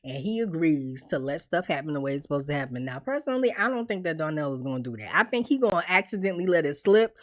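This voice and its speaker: A woman's voice: deep voice, big pitch swings, fast, few pauses. A woman giving a casual, slangy recap of a TV episode, telling it like a story and acting out the quotes. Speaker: TV show reviewer.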